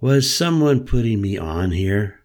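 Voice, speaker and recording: A man narrating a first-person story in a measured, calm storytelling manner. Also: fairly low pitch. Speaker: audiobook narrator.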